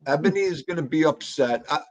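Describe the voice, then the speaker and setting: A man's voice: on the high side, expressive, fast, rough recording. A man hosting a casual livestream podcast, rambling and joking with crude, profane banter.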